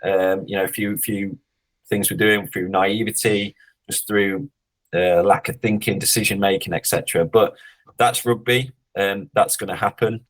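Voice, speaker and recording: A man's voice: on the low side, steady tone, normal speed, rough recording. A man coaching a rugby club, talking through his team in a casual podcast interview with lots of restarts and blunt humour. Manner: reflective, hesitant restarts, blunt swearing when joking.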